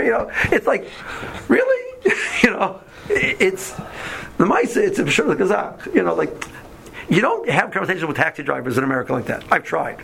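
A man teaching a class, telling a story in an animated way, acting out the dialogue with many restarts. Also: a little high, vocal fry. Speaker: Torah teacher.

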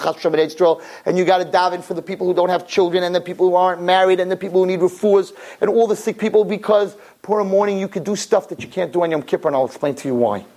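Man, high voice, impassioned sermon, swings from murmur to shouting, acts out characters. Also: low-quality recording. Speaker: religious teacher.

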